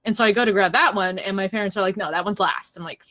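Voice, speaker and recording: A woman's voice: mid-range voice, fast talker, pushed and bright. A young woman from Canada, co-hosting a casual podcast chat and telling a long story with snarky asides and frequent laughter. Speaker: podcast co-host.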